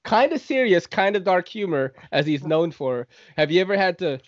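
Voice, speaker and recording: A man's voice: sits high, sing-song, moderate pace, no room sound, lo-fi sound. A man hosting a casual podcast interview, reading out listener questions and laughing often. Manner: enthusiastic, laughs a lot, reads listener questions. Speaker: podcast host.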